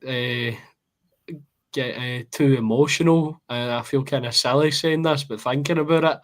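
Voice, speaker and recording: A man's voice: mid-range voice, steady tone, moderate pace. A young Scottish man in his twenties, talking football casually on a podcast, rambling with many fillers and restarts. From Scotland.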